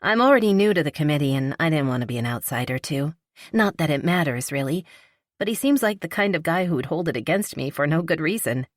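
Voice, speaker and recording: A woman's voice: sits low, animated, quick pace, no echo, studio quality. A woman reading a polite, shyly playful young woman. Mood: earnest. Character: young wealthy woman, warm, slightly shy, playful. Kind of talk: audiobook character reading.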